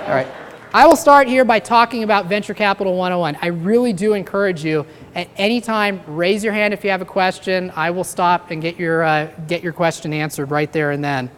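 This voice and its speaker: Low-voiced woman giving a joking talk. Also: brisk. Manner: joking, engaging the audience. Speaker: venture capitalist speaker. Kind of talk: interactive talk to an audience. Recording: reverberant hall, faint noise.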